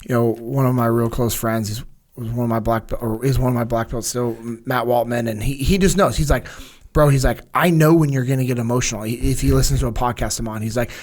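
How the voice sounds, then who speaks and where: A man's voice: mid-range voice, steady tone, fast talker. Earnest, emotional male podcast guest. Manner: earnest, emotional, rambling with restarts. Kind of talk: casual podcast storytelling.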